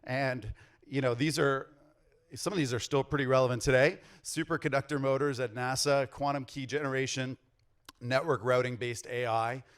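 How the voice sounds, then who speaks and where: Man in his forties, keynote speaker, clear smooth voice, energetic and rallying, mid-range pitch. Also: moderate pace. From Canada. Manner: energetic, rallies the crowd with questions. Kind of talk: conference keynote talk. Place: on stage before a large audience.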